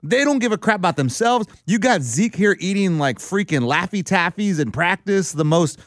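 A man's voice: high voice, normal speed, dry recording, studio quality. A man from South Texas, co-hosting a casual sports chat and ranting about his team. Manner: animated, ranting, swearing. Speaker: podcast co-host.

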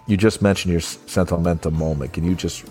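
A man's voice: sits low, fairly even intonation, fast talker, dark tone. A man co-hosting a casual film review chat, talking loosely, laughing often and acting out lines from the film. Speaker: podcast co-host. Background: faint synth music.

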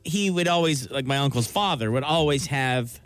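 A man's voice: mid-range voice, expressive, moderate pace, a bit bright, faint music behind. A man co-hosting a radio show, chuckling as he tells a family anecdote in casual banter.

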